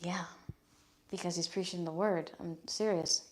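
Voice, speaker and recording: Young woman doing a live tarot reading, lowish voice, super casual, swears a lot, keeps checking in with okay?. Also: fairly even intonation, measured pace, a little mellow. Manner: casual, chatty, swears often, many "okay?" check-ins. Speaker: tarot reader.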